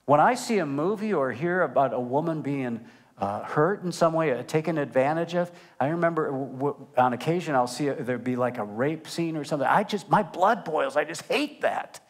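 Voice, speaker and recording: A man's voice: on the high side, moderate pace. Older male pastor, emphatic sermon. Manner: animated and emphatic, swings between loud and hushed.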